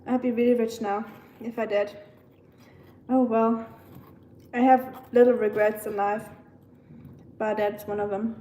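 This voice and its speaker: A woman's voice: on the high side, level tone, unhurried, mellow, roomy sound, low-quality recording. A young woman from southern Germany with a German accent, chatting casually with her live stream audience, laughing often and reacting to chat messages. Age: young adult.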